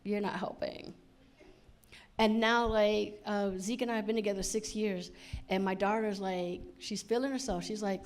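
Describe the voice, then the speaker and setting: On stage at a comedy show, a middle-aged woman performs a stand-up set in a mid-range voice at a moderate pace, with slight background noise. Her delivery is chatty and punchy, and she acts out many quoted lines.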